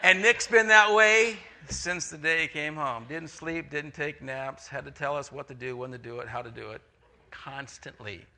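A middle-aged man preaching a sermon, telling a story with lively acted-out voices. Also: fairly high pitch, normal speed. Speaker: pastor.

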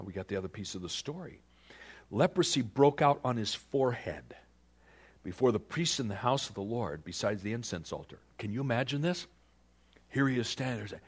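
A man preaching a sermon, retelling a scripture story with animated storytelling and questions put to the listeners. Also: mid-range voice, a little fast, slightly rough. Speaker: pastor.

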